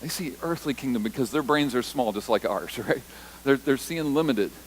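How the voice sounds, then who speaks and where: A pastor preaches a sermon in a church, speaking conversationally at a normal speed in a mid-range male voice. He repeats points for emphasis and acts out lines from the disciples and Jesus in short quoted voices. The recording is rough, with slight background noise.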